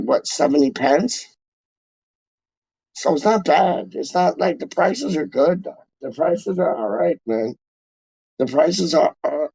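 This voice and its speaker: Reading chat messages aloud on a casual live stream, this man rambles in slangy, filler-heavy talk. His voice sits a little high, with vocal fry and a slightly mellow quality. The sound is dry, dull and lo-fi.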